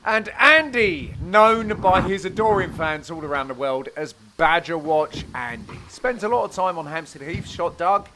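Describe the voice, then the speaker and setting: A young man, the host, giving cheeky, self-mocking voice-over commentary on highlights of his own amateur match. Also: lively intonation, moderate pace, hardly any pauses, sharp tone, a little hiss or hum. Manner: cheeky, self-mocking banter with frequent laughs.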